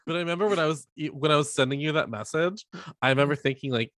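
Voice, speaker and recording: A man co-hosting a podcast, chatting casually and telling stories with lively quoted asides. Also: fairly high pitch, fast talker, no echo, studio quality. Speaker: podcast co-host. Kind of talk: casual chat.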